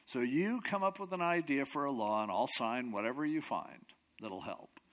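Volatile ancient king, put on by a lively male storyteller, voice swinging wide. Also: mid-range voice, normal speed, natural voice. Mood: offhand. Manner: shouts in outrage, then shrugs things off. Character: ancient king, quick to fury.

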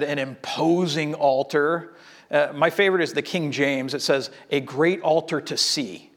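Animated man preaching a sermon. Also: a little high. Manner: animated, acts out biblical speakers in casual voice. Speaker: pastor.

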